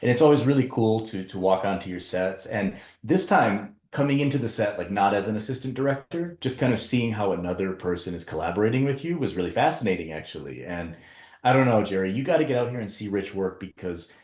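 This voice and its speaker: A man's voice: lowish voice, expressive, quick pace, darkish tone, reverberant. A man who is a podcast guest, laid-back and joking with swearing, speaking over a video call. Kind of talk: casual chat.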